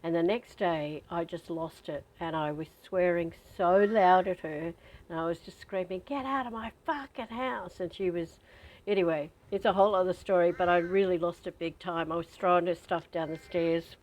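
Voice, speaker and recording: A woman guides a spiritual training session. Her voice sits a little low, and she talks candidly and conversationally, weaving personal stories between gentle prompts to breathe. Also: steady tone, normal speed, low-quality recording. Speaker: spiritual teacher.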